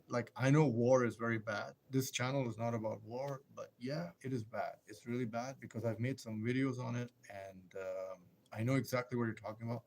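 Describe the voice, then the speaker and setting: A man's voice: mid-range voice, darkish tone, a little hiss or hum. A man hosting a casual live stream, rambling and emphatic, firing off rhetorical questions and answering viewer comments.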